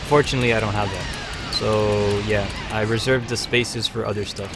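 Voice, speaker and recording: Upbeat male streamer, loose talky game commentary, soft music bed. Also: on the low side, fairly even intonation, moderate pace. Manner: chatty, upbeat, frequent fillers. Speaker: livestream host. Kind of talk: live gameplay commentary.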